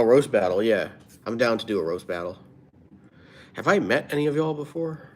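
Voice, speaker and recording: A man's voice: fairly low pitch, a little hiss or hum. A man livestreaming, reading viewers' comments aloud and answering them in a rambling, offhand way. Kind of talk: casual livestream chat.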